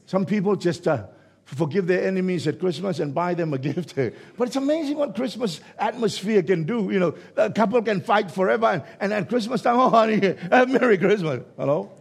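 A man delivers a sermon with a husky, gravelly voice sitting a bit above the usual male range. His delivery swings from hushed, stretched-out lines to sudden loud shouts. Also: sits high, lively intonation, a little fast. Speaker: preacher.

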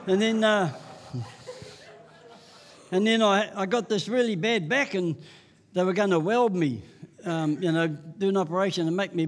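A man preaching a sermon. He tells personal testimony in a folksy way and chuckles at himself. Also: high-pitched.

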